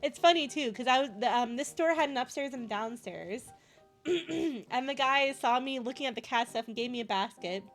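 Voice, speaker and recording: Young adult woman, from Canada, high-pitched, bubbly, giggly, casual stream chat. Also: animated, normal speed, soft background music. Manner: bubbly, giggly, gushing over cute things.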